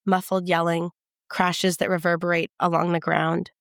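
A woman giving a measured, intimate first-person audiobook narration. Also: fairly low pitch, little pitch movement, vocal fry, no echo, clean studio sound.

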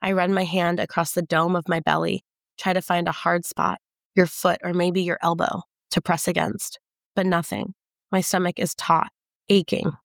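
A woman giving a measured, intimate first-person audiobook narration. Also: lowish voice, level tone, gravelly, no echo, studio quality.

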